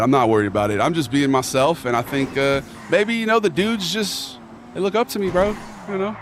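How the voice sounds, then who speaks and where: A man's voice: fairly high pitch, brisk, a little hiss or hum. A man streaming a game, chatting casually in a rambling, joking bro manner with mock earnestness. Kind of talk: casual chat while playing a game.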